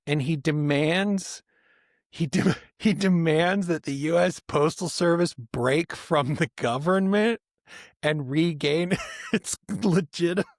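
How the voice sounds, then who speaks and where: A man's voice: on the high side, no echo, clean studio sound. A man co-hosting a podcast, telling stories in loose rambling casual chat and laughing often. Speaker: podcast co-host.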